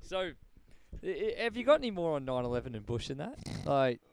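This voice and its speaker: A man's voice: on the high side, very animated, brisk, creaky, over a noisy crowd. A man co-hosting a casual podcast, jokey and swearing as he banters. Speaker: podcast co-host.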